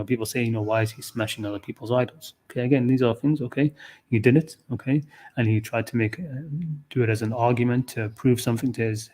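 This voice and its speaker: In his medium-pitched, dark-toned voice, the Qur'an teacher speaks unscripted on a livestream about a scripture verse. He thinks out loud, restarting often and leaning on "okay, you know."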